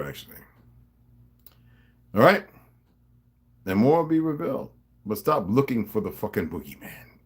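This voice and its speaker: Husky-voiced rambling Jersey man. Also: deep voice. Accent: New Jersey. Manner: rambling, profane, confrontational, chuckling asides. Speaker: vlogger. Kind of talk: rambling casual monologue to subscribers.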